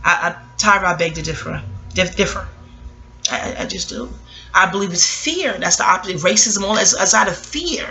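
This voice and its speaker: A woman astrologer talking in a casual reflective monologue, rambling and digressive, blunt and quick to swear. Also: mid-range voice, sharp tone.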